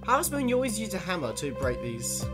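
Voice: medium pitch, big pitch swings, fast, over loud music. A let's play host giving chatty, exclaiming commentary while playing, talking back to the game's characters. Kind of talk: casual gameplay commentary.

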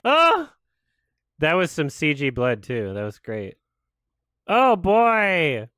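A man hosting a casual reaction video, laughing often, swearing and breaking into loud excited exclamations between quieter musings. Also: on the high side, takes it slowly, no echo, soft background music.

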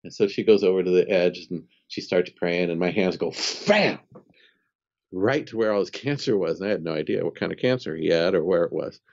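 A man in his fifties, a spiritual healer and podcast guest, telling a personal story in a lively, conversational way and acting out what people said. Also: low voice, fast talker, gravelly, few pauses, highs cut off. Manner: animated storyteller who acts out dialogue and laughs often.

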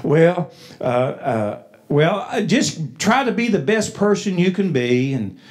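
An American man preaching a sermon from the pulpit, folksy, with frequent restarts and loud, emphatic passages. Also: sits high, very animated, takes it slowly. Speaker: pastor. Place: church sanctuary.

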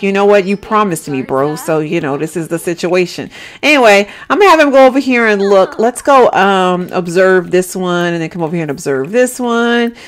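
A woman giving chatty, giggly let's-play commentary on a life-simulation game, talking straight to her viewers. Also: medium pitch.

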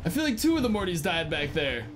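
A young man talks over his gameplay in a high, lively voice, swearing freely and often breaking into yells at his creatures. Clear game noise sits under his microphone throughout. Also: quick pace. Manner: excitable, swears often, yells during fights. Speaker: gameplay streamer. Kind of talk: casual gameplay commentary.

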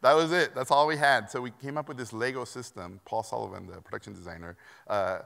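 A middle-aged man from Mexico delivers a keynote in a large hall, his bright, crisp voice carrying a long reverb. He tells stories in an animated, self-deprecating way and acts out the voices of the people in them. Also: medium pitch, a little fast. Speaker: keynote speaker. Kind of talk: conference keynote storytelling. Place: conference hall.

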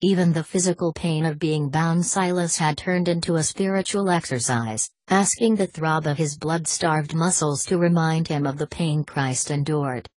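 A woman narrates a novel in a steady, measured audiobook reading. Her voice sits low with a husky edge. The recording is dry and close, with no room sound. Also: no room sound, poor audio. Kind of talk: scripted narration.

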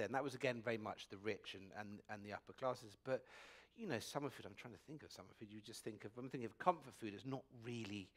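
A man in his forties with an English accent talks food on a festival stage. His delivery is chatty and wry, full of quick asides and self-corrections. The pitch sits mid-range for a man. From England. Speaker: food critic and festival guest. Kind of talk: onstage festival conversation. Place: festival stage before an audience.

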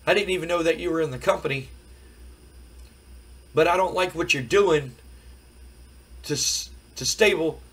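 Dude doing a smug muscle wrestler, taunting, a bit hoarse. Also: male voice, on the high side, fairly bright tone, voice pushed up, heavily acted. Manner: boastful, taunting. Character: cocky muscular male wrestler, smug.

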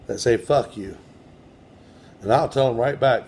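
A man's voice: on the low side, moderate pace, pauses often, a little mellow, a little hiss or hum. A man in his own house running a spirit box session, speaking casually with blunt, profane defiance and talking back to whatever he hears. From United States. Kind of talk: casual talk to camera and to spirits.

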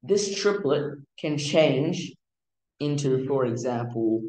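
A man teaching music theory in a casual, halting way, with many fillers and restarts. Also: mid-range voice, lively intonation, darkish tone, reverberant, rough recording. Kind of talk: casual explanatory lesson.

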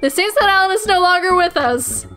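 A woman voicing an anxious, bossy female office manager who scolds in a halting, stern way. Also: very high voice, animated, fairly bright tone, faint music behind, pitched above the performer's own voice. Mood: nervous lecturing.

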